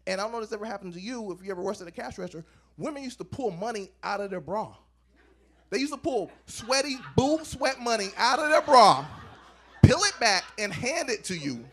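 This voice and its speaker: On a club stage, a thirty-something comic does stand-up at a fairly quick clip, animatedly acting out his bits as his pitch swings widely.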